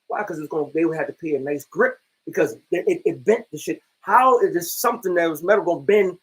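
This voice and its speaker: A man's voice: high-pitched, expressive, quick pace, few pauses, slightly rough, low-quality recording. A man in a religious group discussion, telling a rambling, plainspoken story and reading scripture aloud. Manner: rambling, plainspoken, restarts often. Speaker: member of a religious brotherhood. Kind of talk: casual chat and scripture reading.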